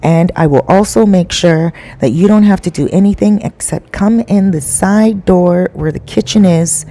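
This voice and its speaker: A calm, scheming wife, as a woman storyteller puts her on, giving steady, matter-of-fact orders. The voice stays low and mellow, close to the teller's own. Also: moderate pace, lightly acted.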